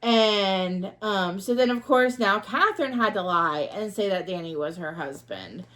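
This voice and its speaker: A woman co-hosting a podcast, recapping a movie plot in a rambling, halting way full of ums. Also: mid-range voice, lively intonation, fairly bright tone. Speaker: podcast co-host. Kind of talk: casual chat recapping a movie.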